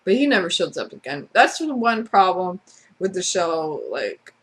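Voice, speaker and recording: A woman's voice: on the low side, big pitch swings, normal speed. A woman vlogger in a casual, sarcastic rant who talks bluntly and swears freely. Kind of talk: casual ranting monologue.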